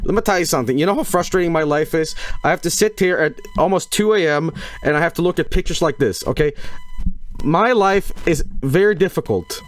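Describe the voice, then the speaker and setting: A male streamer reacting to videos live. He jokes, laughs loudly and breaks into exclamations. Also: on the high side, expressive, fairly quick, slight background noise. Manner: loud laughing outbursts, joking and exclaiming.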